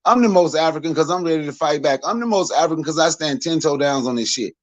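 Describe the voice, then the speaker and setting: A man's voice: fairly high pitch, lively intonation, quick pace, no room sound, lo-fi sound. A man in his forties speaking as a podcast panelist in a blunt, profane, heated rant.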